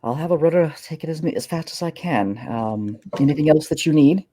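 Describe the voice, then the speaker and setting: A man's voice: fairly high pitch, expressive, brisk, warm tone, a little hiss or hum, voice pushed up, lightly acted. A man voicing a gracious, composed woman who runs a bar and fondly calls people "my dear". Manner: addresses others fondly as "my dear".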